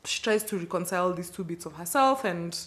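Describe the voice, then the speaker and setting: A woman's voice: fairly low pitch, lively intonation, brisk, a bit bright. A woman with a Kenyan accent, chatting casually about the books she read this month, with playful slangy asides. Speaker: book channel host. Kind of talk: casual book wrap-up video.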